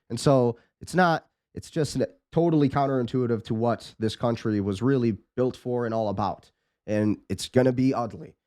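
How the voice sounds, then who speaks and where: A man's voice: medium pitch, a little mellow, no echo. Indignant male political commentator, dry sound. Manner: indignant, piles up rhetorical questions. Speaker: host and commentator.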